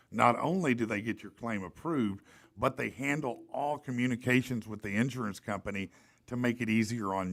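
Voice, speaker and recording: A man hosting a podcast, telling a story in a casual, animated way and reading ads for sponsors. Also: lowish voice. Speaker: podcast host. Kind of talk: casual storytelling and live ad read.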